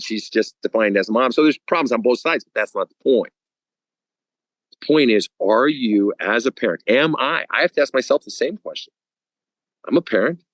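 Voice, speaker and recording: A man's voice: fairly low pitch, no room sound, poor audio. A man speaking as a guest counselor on a podcast, talking bluntly with casual swearing and acting out stories. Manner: blunt and profane, animated storytelling.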